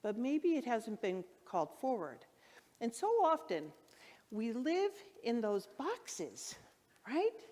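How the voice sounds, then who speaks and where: Woman minister, sermon, enthusiastic storyteller; slightly high voice, long hall reverb. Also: slow. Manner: enthusiastic storytelling, acts out her own excited shouts. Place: church hall. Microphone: handheld microphone.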